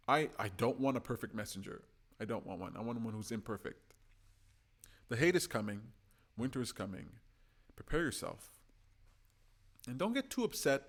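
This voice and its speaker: Man giving an urgent rallying talk. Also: fairly high pitch. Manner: urgent, exhorting, swings from loud to hushed. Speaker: political commentary host. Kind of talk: impassioned monologue to supporters.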